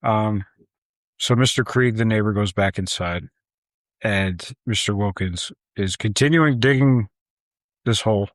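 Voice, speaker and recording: Casting: low male voice, relaxed podcast co-host, lively recap, dry sound. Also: measured pace, no echo. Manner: animated retelling with acted-out quotes. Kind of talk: casual film recap chat.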